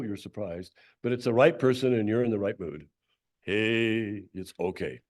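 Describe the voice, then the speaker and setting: A man giving a Sunday talk, leading the group through a laughter exercise with coaching instructions and frequent throat clearing. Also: fairly low pitch, lively intonation, moderate pace, a little mellow.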